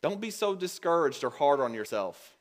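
A man preaching a sermon to his congregation in a conversational way, calling them guys and getting louder and higher when he drives a point home. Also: big pitch swings, moderate pace. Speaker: pastor. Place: church.

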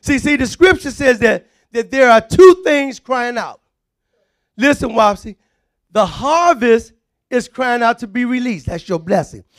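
A man preaching a fervent sermon, often shouting and calling on the congregation to respond. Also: very high voice, animated, unhurried.

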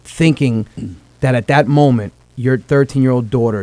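A man's voice: mid-range voice, fairly even intonation, unhurried, mellow. A man in his thirties with a New York-New Jersey Italian-American accent, speaking earnestly and emotionally on a comedy podcast, swearing and repeating words as he gets worked up.

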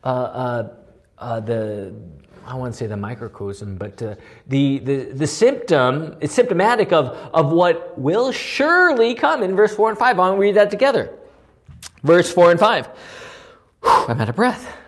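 A pastor preaching a sermon in a loud, animated way, often checking in with the listeners through quick tag questions. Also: medium pitch. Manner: loud, near-yelling delivery. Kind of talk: sermon with Bible study.

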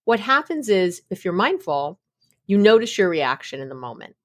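Animated woman telling everyday stories. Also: mid-range voice, normal speed. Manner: animated storytelling with laughs and acted-out quotes. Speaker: guest expert on mindfulness. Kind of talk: casual conversational explanation.

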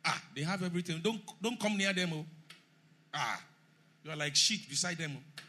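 A man preaching a sermon emphatically, rising to shouts and leading the congregation in call and response. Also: on the high side, normal speed, pauses often.

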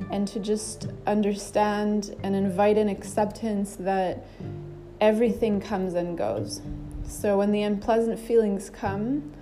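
A woman yoga teacher speaking gently and calmly in a reflective monologue, with an occasional restart. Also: mid-range voice.

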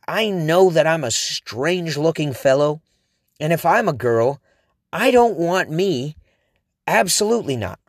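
A man's voice: a little high, no room sound. A man hosting a podcast who tells a personal story in a rambling, self-deprecating way, with lots of restarts, on a close mic. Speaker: podcast host. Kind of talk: casual storytelling monologue.

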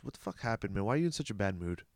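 Teasing dude asking quick questions, lots of up and down in his voice, dry sound. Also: lowish voice, animated, dry recording. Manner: teasing, prodding with short questions. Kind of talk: casual chat.

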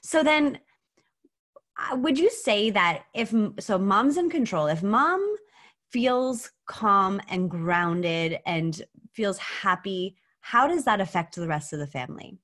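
A woman's voice: medium pitch, lively intonation, slow pace. A woman hosting a podcast interview, agreeing often and asking her guest questions in a casual chatty way. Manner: warm affirming listener, frequent agreement. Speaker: podcast host.

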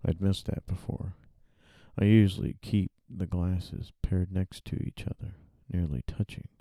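A man, an author, thinks aloud while drafting and typing in a dark room, muttering, rereading and correcting himself. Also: deep voice, fairly even intonation, unhurried, no room sound.

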